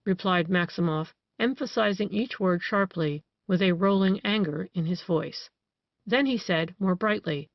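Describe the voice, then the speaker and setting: An audiobook narrator reading detective fiction in an even, measured manner. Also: mid-range voice, gravelly, no echo. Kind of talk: scripted narration. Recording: dry, dull lo-fi recording.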